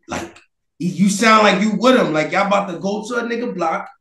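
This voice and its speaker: A high-pitched man argues his point in a loud, heated way, swearing freely and breaking into shouts. His voice rings in an echoey room. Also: brisk, creaky, recorded from a distance. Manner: loud, animated, profane, argumentative, often shouting. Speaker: interview guest. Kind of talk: heated casual debate.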